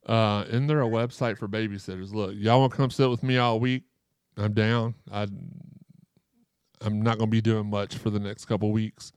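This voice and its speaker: A man's voice: fairly low pitch, fairly even intonation, moderate pace, a little mellow, clear, resonant tone, dry recording. A man hosting a live podcast, joking and rambling as he reads chat comments aloud, his throat sore after surgery. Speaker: podcast host.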